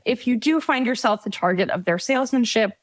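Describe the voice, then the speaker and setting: A woman's voice: on the high side, fairly quick, no echo. A woman guest on a podcast interview, giving direct, practical advice with emphasis. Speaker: guest, travel guide author. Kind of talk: casual conversational interview.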